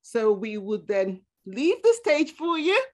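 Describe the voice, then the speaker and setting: A woman hosts an interview podcast and introduces her guest. She talks slowly and deliberately, at a calm and measured pace. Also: on the high side. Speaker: podcast host.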